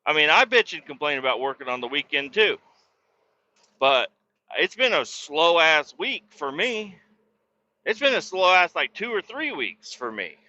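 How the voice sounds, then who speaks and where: Profane rambling man, bright tense voice. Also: a little high, very animated, unhurried, dull audio. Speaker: podcast host. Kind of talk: casual storytelling.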